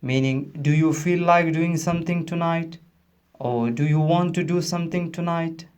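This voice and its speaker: A man who isn't a native English speaker teaches pronunciation, slowly and carefully repeating each word. His voice is a little high and a little mellow.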